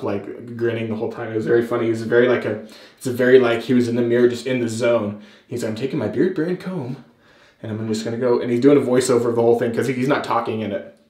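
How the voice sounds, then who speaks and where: A man rambles through a casual vlog as he trims his beard, restarting sentences and poking fun at himself. His voice sits at an ordinary male pitch, with a roomy echo around it. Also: a little mellow. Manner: rambling, self-deprecating, lots of fillers and restarts. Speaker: host.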